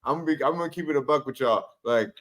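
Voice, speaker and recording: A man's voice: fairly high pitch, racing, a bit bright. A man co-hosting a live sports talk show, chatting in a laid-back, profane way and ribbing the others. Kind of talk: casual sports banter.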